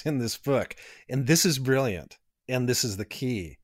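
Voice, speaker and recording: A man co-hosting a casual podcast, explaining ideas in an energetic, teacherly way and building long lists of examples. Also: mid-range voice, unhurried, few pauses, no echo, studio quality. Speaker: podcast co-host.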